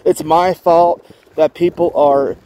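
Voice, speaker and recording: Man, angry venting monologue, swearing, rhetorical questions, fairly high pitch, wind noise. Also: fairly even intonation, slow. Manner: indignant, ranting, heavy swearing, repeated rhetorical questions. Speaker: vlogger.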